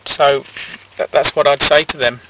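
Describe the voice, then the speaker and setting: A man's voice: a little high, fairly even intonation, moderate pace, recorded from a distance, heavy background noise. A man giving a rambling, silly comic monologue. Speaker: comedy podcast host.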